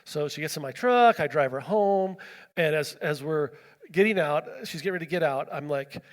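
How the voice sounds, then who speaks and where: A man's voice: a little high, normal speed. Chatty man preaching in an echoing hall. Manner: chatty, animated storytelling with many fillers and acted-out quotes. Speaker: pastor. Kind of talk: storytelling sermon.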